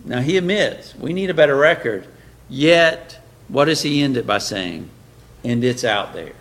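A man's voice: mid-range voice, expressive, a little slow, a bit bright. A man giving a sermon-style lecture, emphatic and full of rhetorical questions, with frequent fillers and restarts. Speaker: preacher.

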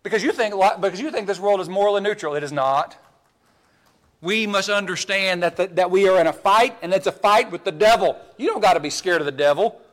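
A male pastor preaching with a notably high voice. His delivery is emphatic and full of stammered repeats, rising to loud urgency and dropping to quiet, close asides. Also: a little fast. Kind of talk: sermon.

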